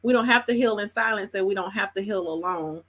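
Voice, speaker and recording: Bright-voiced woman emceeing an open mic, chatty, laughs a lot. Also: mid-range voice, a little fast. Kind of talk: casual live emcee talk.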